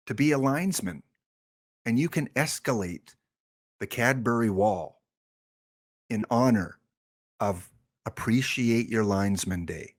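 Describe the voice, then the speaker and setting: A man's voice: medium pitch, animated, a little slow, pauses often. A man streaming a game live, chatting and joking with his viewers. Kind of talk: casual live-stream chat.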